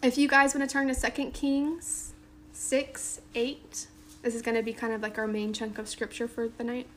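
A woman's voice: a little high, little pitch movement, moderate pace, a little hiss or hum. A woman giving a casual Bible teaching to a small group, reading scripture aloud and then retelling it in everyday talk with lots of "like" and "um". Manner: conversational, lots of "like" and "um"; reads scripture aloud then paraphrases informally.

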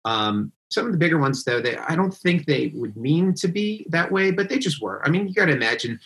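Animated storytelling male musician. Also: a little high, brisk, rough recording. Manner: animated, acts out quotes in raised voices. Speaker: touring musician guest. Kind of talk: casual storytelling interview.

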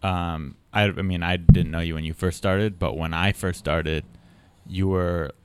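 Male podcast host, comedian, very deep voice, dry teasing, casual chat. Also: steady tone, measured pace, darkish tone, clear, resonant tone. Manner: dry, teasing, asks pointed questions.

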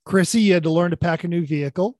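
A man's voice: high-pitched, quick pace, a little mellow, no echo. A man hosting a casual podcast chat, teasing his co-hosts and steering the talk. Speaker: podcast host. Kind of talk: casual chat, leads the discussion.

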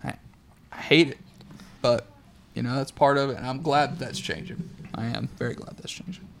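A man's voice: medium pitch, steady tone, moderate pace, gravelly. A man co-hosting a casual racing podcast, talking enthusiastically and giving strong opinions. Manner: enthusiastic, opinionated, laughs easily. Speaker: podcast co-host. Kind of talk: casual chat. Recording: faint background noise.

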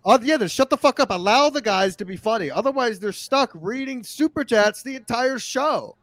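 A man's voice: extremely high pitch, animated, normal speed, a bit bright, no room sound. A man co-hosting a podcast, rambling with restarts and swearing casually. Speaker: podcast host.

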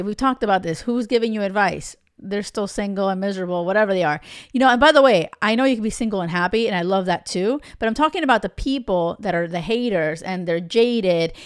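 A young woman coaching listeners on dating in a podcast monologue, blunt and direct, with casual swearing mixed into her advice. Her voice is smooth and clear, recorded close and dry with no room sound. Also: medium pitch, fairly quick, dry recording.

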